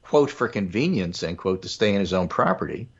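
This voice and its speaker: Deep-voiced guy on a talk show, making his point over and over, kinda muffled audio. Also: very animated, fairly quick, husky. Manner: emphatic, storytelling, repeats points. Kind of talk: casual political chat.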